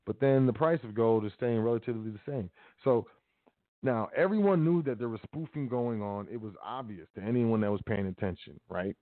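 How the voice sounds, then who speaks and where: A man's voice: medium pitch, a little fast, no room sound. Sarcastic man on a tinny line. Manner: sarcastic, loose street slang, reads news items aloud. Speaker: podcast host. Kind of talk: casual commentary on news.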